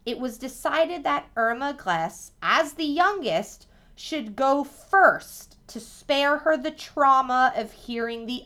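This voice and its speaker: A young woman co-hosting a casual chat podcast, telling a dark history story with profane asides. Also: fairly high pitch.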